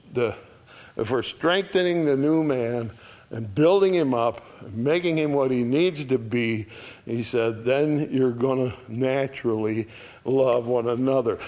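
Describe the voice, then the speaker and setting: A man's voice: medium pitch, a little mellow. A man teaching an adult Bible study in a folksy, conversational way, often checking in with the class.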